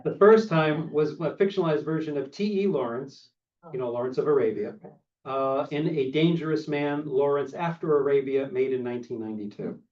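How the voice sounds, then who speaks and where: A man leading a casual movie discussion, talking in a rather high voice, loose and chatty with plenty of ums and restarts. He sounds set back from the microphone, on a dull, muffled video-call recording. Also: fairly quick, far from the mic. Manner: chatty, with many fillers and restarts. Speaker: discussion host.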